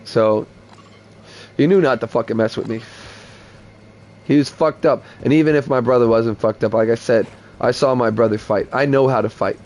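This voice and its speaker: A man's voice: medium pitch, normal speed, darkish tone. A man telling a heated personal story in blunt, profane talk while playing a game on stream. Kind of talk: casual gaming stream storytelling.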